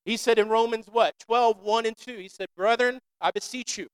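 Male preacher, high clear voice, call-and-response sermon delivery, dry close sound. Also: steady tone, moderate pace, no echo. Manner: call-and-response preaching, stretching key words.

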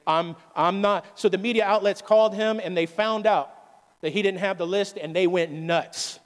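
A man's voice: sits high, fairly even intonation, moderate pace. A man preaching a sermon as pastor, calling out questions to the congregation and urging them on. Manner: call-and-response preaching, asks the congregation questions. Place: church sanctuary. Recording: long hall reverb with faint music.

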